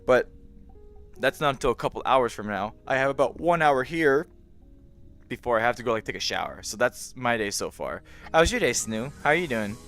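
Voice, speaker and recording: A man's voice: lively intonation, brisk, a bit bright, faint music behind. Friendly young man streaming to chat. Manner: friendly, greets chat by name, playful meowing in a high squeak. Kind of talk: casual live-stream chat.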